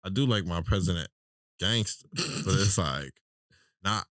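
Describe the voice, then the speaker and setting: A man co-hosting a podcast, low-key and chuckling, who draws out his punchlines. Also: moderate pace, a bit bright, dry recording, studio quality. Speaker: podcast co-host. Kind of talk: casual chat.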